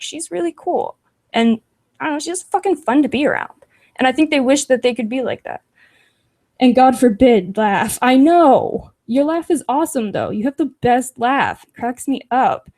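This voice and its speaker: Young woman, livestream host, casual chat, sarcastic, profane, mellow tone. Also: fairly high pitch. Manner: profane, sarcastic, laughs often.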